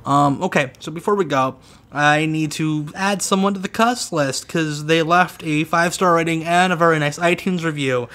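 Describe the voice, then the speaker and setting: A man's voice: fairly high pitch, moderate pace, a bit bright. A man co-hosting a casual podcast, launching into a profane, mock-angry rant. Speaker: podcast co-host.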